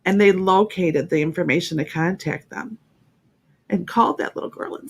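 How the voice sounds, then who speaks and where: A woman's voice: lowish voice, moderate pace, gravelly, husky. A woman hosting an internet radio talk show, speaking in a heartfelt, emphatic way and often repeating herself.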